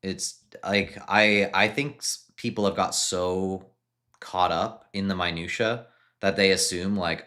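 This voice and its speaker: A man with a very deep voice reads viewer questions off a live chat and answers each one in turn. He talks in a loose, unhurried way, often stopping and restarting a sentence before he gets it out. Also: steady tone, bright, forceful tone. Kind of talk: casual live-stream chat.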